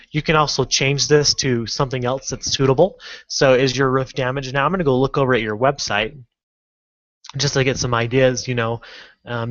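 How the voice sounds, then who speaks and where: A man's voice: mid-range voice, fairly bright tone, dry recording. Casual man with dull lo-fi audio. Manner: casual, halting, many fillers and restarts. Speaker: online marketing instructor. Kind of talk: screen-recorded tutorial walkthrough.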